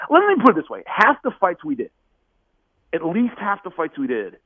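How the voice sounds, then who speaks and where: A man's voice: a little fast, gravelly, no echo. A man telling a story as a podcast guest, acting out quotes in a raised voice. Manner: animated, acts out quotes with raised pitch. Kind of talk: casual storytelling. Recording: phone-like narrow band.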